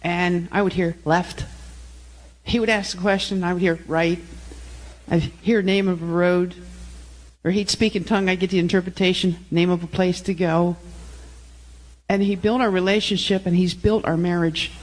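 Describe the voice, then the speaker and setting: A woman's voice: on the low side, fairly even intonation, normal speed, poor audio. Earnest woman giving testimony. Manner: earnest, emotional. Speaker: preacher's wife. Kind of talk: church testimony.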